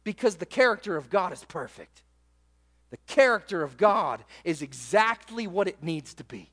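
A man preaching a sermon as pastor, emphatic, slowing down to read scripture aloud. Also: sits high, very animated, fairly bright tone, long reverb tail.

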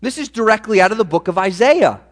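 A man delivers a sermon with lively, animated swings in his voice, acting out the crowd and quoting scripture. His voice sits fairly high for a man. The sound carries a long reverb, as in a large church hall. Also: quick pace. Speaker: pastor.

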